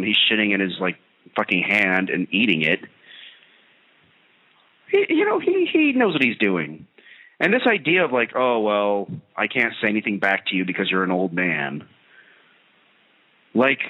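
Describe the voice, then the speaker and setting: A man hosting a radio talk show, telling a story in a sarcastic, ranting comedic monologue. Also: fairly low pitch. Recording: tinny phone-like radio line.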